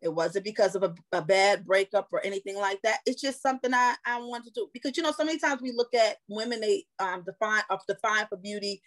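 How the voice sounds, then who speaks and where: A woman guest on a podcast, telling personal stories in an animated, casual way. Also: medium pitch, fast, hardly any pauses. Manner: animated, laughing, storytelling. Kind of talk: casual storytelling.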